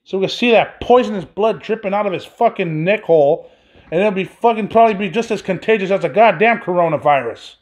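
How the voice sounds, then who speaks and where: A man with a high-pitched voice rants angrily on his solo podcast, swearing constantly. The sound is dull and lo-fi. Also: a little fast. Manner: angry, profane ranting. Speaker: podcast host. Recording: dull lo-fi recording.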